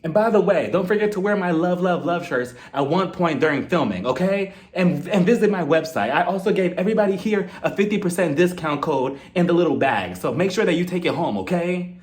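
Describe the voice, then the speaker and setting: A man's voice: high voice, expressive, a little fast. A man voicing a frantic woman who rambles on, promoting her merchandise and repeatedly announcing that she's leaving. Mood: flustered.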